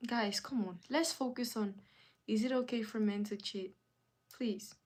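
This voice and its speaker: A woman hosting a live stream in casual chat, reading viewer comments aloud and putting questions back to the chat. She swings from loud calls to the audience down to soft, near-whispered asides. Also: a little high, unhurried.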